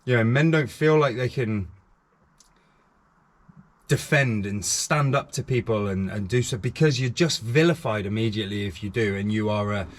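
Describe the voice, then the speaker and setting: A middle-aged YouTube channel host speaks frankly and earnestly to camera on his own vlog, repeating phrases for emphasis. His voice is on the low side at a normal speed.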